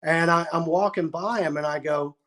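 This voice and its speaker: Animated storytelling man, raised pitch. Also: normal speed. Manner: animated, acts out quotes, restarts often. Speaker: musician guest. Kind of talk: storytelling interview.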